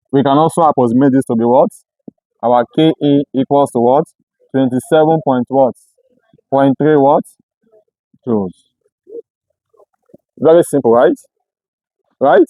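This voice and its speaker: A man's voice: medium pitch, dark tone, no room sound, poor audio. A man teaching a physics class, who keeps asking the students to finish each step of his sentences. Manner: call-and-response questioning. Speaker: physics tutor. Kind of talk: classroom lecture.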